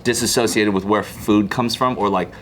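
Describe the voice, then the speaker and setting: A man co-hosting a casual podcast, relaxed and curious as he wonders aloud. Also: lowish voice, normal speed, slight background noise. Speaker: podcast co-host. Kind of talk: casual banter.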